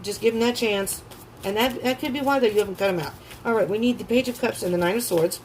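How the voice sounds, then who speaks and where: A woman giving a tarot reading who gushes with excitement, swears freely and breaks into gasps and laughter. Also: on the high side, fast, slight background noise, low-quality recording. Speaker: tarot reader.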